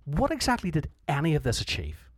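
A man's voice: on the high side, huge pitch swings, brisk, no room sound, clean studio sound. A man explaining history in an informal, conversational way, often restarting his sentences and acting out what leaders said. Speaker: history teacher.

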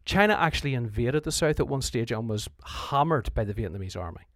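A man's voice: mid-range voice, expressive, a little fast, a bit bright, dry recording. Man explaining history, dry recording. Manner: conversational, restarts often, acts out quoted leaders. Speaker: history teacher.

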